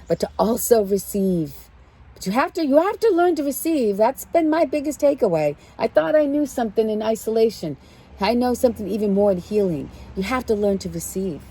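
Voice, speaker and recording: A woman's voice: medium pitch, dark tone, husky. A woman giving a casual spiritual card reading in a preachy, emphatic way, repeating her key phrases. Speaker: tarot card reader.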